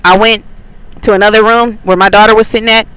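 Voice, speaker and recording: A woman's voice: medium pitch, little pitch movement, fast talker, a bit bright, clean tone, no room sound, rough recording. A woman from Atlanta tells a faith story in a chatty way, with many likes and ums. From Atlanta, USA. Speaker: faith channel host. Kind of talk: casual spiritual testimony.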